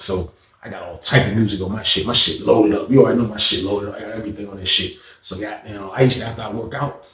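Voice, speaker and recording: A man telling a prison story in a casual, slangy, animated way. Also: medium pitch, roomy sound, distant mic.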